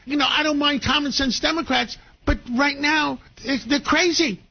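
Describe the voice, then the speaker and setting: A man's voice: very high voice, fairly even intonation, moderate pace, creaky, dull audio. A man hosting a talk radio show, effusive and conversational.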